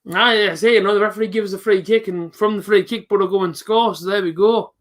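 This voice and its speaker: A young man hosting a live football reaction stream, chatting casually with viewers and breaking into excited shouts at big moments. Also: high-pitched, a little fast. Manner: chatty, jumps to excited shouting at goals, reads out viewer comments.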